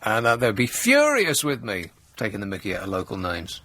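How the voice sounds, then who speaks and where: Male radio host, dry sarcasm, lively swings in pitch, studio mic. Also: brisk. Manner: sarcastic, mock-outraged asides while reading news. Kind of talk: comedic talk radio monologue. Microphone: studio microphone.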